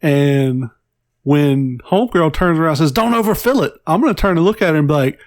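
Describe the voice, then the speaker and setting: Blunt higher-voiced man cursing. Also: a little fast, darkish tone, dry recording, studio quality. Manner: blunt, defiant, profane. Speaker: podcast co-host. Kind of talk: casual chat.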